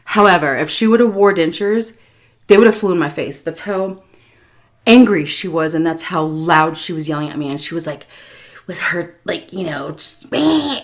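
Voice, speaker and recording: A woman food vlogger telling a story while she eats, animated, with swearing and laughter. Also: low voice, moderate pace. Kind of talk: story time while eating.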